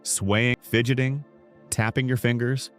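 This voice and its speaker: A man's voice: medium pitch, fairly even intonation, unhurried, soft background music. A man narrating a scripted self-help lesson, in emphatic, punchy short sentences. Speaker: speaking coach.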